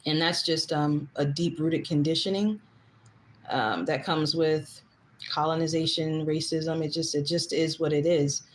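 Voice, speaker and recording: Woman, thirties, lowish pitch, casual livestream host, rambling and emphatic. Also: fairly even intonation, measured pace, a little hiss or hum. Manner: chatty, rambling, reads comments aloud; gets heated and emphatic.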